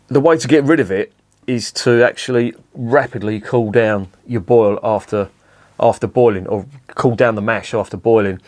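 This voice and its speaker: A man's voice: fairly low pitch, a little mellow. A man reviewing a beer on camera, swearing often and grumbling sarcastically. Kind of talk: casual beer review vlog.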